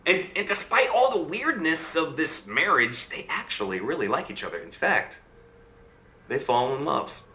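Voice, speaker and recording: A man tells a fairy tale live, his voice bright and forward as it swoops high and low for drama. He checks in with his listeners as he goes. The room has a noticeable echo with faint music underneath. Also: moderate pace. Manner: lively, dramatic swings in pitch, asks listeners "right?". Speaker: storyteller.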